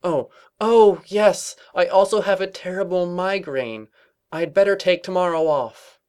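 A man's voice: sits high, measured pace, darkish tone, clear, resonant tone, voice pushed up. A man puts on a raised, dramatic voice for a paranoid young mare pony who sees herself as a revolutionary. She is melodramatic and over the top, as in a storybook reading. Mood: overacting.

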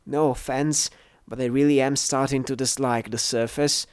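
A man's voice: mid-range voice, steady tone, normal speed, clean tone, no echo, voice pushed up, natural voice. A man voicing a frail, breathless pony mare. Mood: wry. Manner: soft, weak and apologetic. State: short of breath. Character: young female pegasus pony, frail and polite.

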